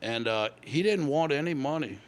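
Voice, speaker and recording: A man in his sixties from Louisiana, a guest musician telling stories in a relaxed interview, rambling along unhurriedly with many fillers. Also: on the high side, normal speed, slight background noise.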